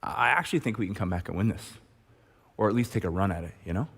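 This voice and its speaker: A man's voice: on the low side, expressive, fast talker, creaky, a bit bright, slightly rough, big-room sound. A male pastor preaching in a conversational manner, often tossing rhetorical questions to the congregation. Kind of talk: sermon. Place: church auditorium.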